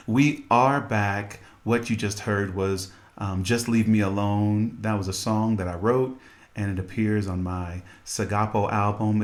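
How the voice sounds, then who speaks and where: A man hosting a podcast, telling a story and making earnest, preachy appeals to his listeners. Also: lowish voice. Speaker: podcast host and musician. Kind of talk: storytelling radio talk with scripture.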